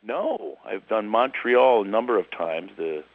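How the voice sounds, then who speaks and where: A middle-aged man with a Philadelphia accent, a guest comedian telling stories in a casual phone interview, with animated, jumping delivery. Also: on the low side, measured pace, creaky, no echo, narrow, tinny audio. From Philadelphia, USA. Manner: animated storyteller, lively voice jumps.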